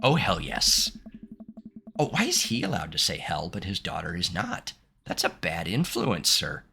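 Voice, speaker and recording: Playful bright-voiced man streaming a game. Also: deep voice, huge pitch swings, a little slow, vocal fry, a little hiss or hum. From United States. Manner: playful, chatty, laughs often, reads game text aloud. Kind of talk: live-streamed gameplay commentary.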